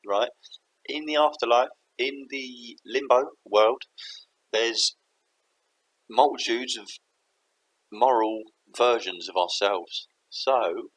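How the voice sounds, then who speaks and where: A man's voice: mid-range voice, fairly bright tone, slightly rough, rough recording. A man thinking aloud to camera in a rambling, self-interrupting way. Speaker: vlogger.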